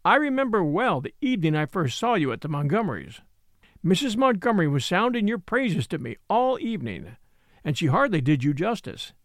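A man's voice: high voice, very animated, brisk, no echo, studio quality. A man reading a story, voicing an ardent, masterful man courting a young woman. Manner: earnest and pleading, then stern.

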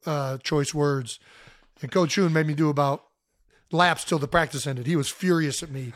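A man from Ohio co-hosting a podcast, telling stories in an animated, joking way. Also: a little high, normal speed, dry recording, studio quality. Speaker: podcast co-host. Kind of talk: casual chat.

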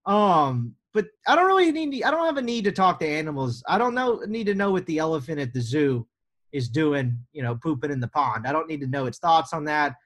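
Joking American podcast host, fairly high voice. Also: male voice, sing-song, fairly quick, a bit bright. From United States. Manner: joking, rambling, sarcastic asides. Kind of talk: casual podcast chat.

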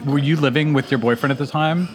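A middle-aged man hosting a casual dinner conversation in a restaurant, chatty and quick to laugh, often restarting his sentences. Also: on the high side. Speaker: podcast host.

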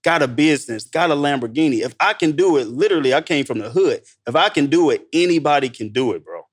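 A man from Missouri telling stories in a casual podcast chat, emphatic and animated, acting out the dialogue. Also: on the high side, fast, slightly rough. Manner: animated, emphatic storyteller who acts out dialogue. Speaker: guest entrepreneur.

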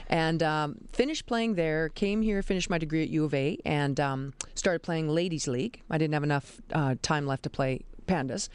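A woman in her forties tells lively stories as a guest in a radio studio. She is animated and laughs easily. Her voice is clear and smooth, and the dry studio mic puts her close. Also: sits low, normal speed, hardly any pauses, no echo. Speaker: guest, basketball referee and teacher. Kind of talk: radio interview. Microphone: studio microphone.

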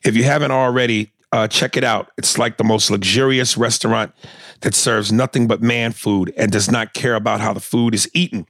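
A man co-hosting a podcast, reading a listener email and riffing in casual chat, animated and quick to laugh. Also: lowish voice, no echo. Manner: animated, laughs often, stammers when excited. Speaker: podcast co-host.

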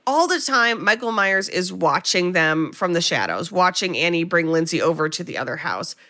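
A woman hosting a podcast, casually retelling a film scene by scene with animated delivery and some swearing. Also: lowish voice, moderate pace. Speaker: podcast host recapping a film. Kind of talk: casual chat.

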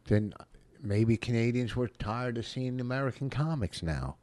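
A man's voice: medium pitch, lively intonation, normal speed, darkish tone, no echo. A man co-hosting a casual comedy podcast, telling blunt stories with plenty of swearing. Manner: swears a lot, blunt storytelling. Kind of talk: casual chat.

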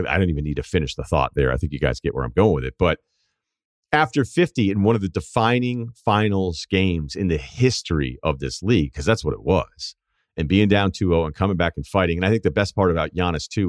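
A man's voice: low-pitched, no echo, studio quality. A middle-aged man hosting a sports show, talking through a casual, reflective monologue and acting out quoted people along the way. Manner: reflective, conversational, acts out quotes. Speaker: sports radio and podcast host.

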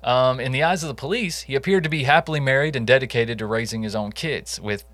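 A man's voice: mid-range voice, fast talker, fairly bright tone, dry recording. A man co-hosting a casual true crime podcast, telling the case in a conversational way with jokey asides. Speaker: podcast co-host.

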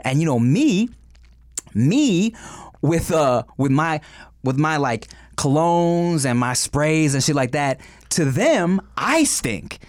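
Dude cohosting a podcast, bouncy voice that goes all over, laughs a lot, dry close sound. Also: male voice, on the high side, slow pace, no echo. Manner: animated storyteller, laughs often, swears freely. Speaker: podcast co-host. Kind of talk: casual chat. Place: podcast studio.

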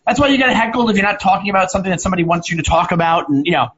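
A man's voice: very fast, slight background noise. A man, a stand-up comedian, chatting casually over a video call and acting out hecklers with big swings in voice. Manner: animated storyteller, acts out hecklers with loud swings in pitch. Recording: lo-fi call audio.

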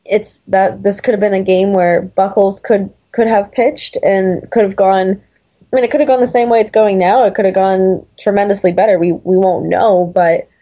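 A woman talking sports on a podcast in a casual, rambling way, often restarting her sentences. Her voice is mellow and warm, and the recording is dull and lo-fi. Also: medium pitch, fairly even intonation, normal speed. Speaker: podcast co-host.

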